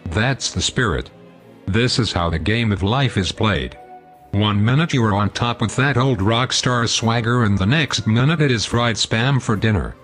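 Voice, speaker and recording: A man's voice: lowish voice, normal speed, a bit bright, soft background music. A man hosting a scripted comedy show, pompous, long-winded and sarcastic. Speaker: host.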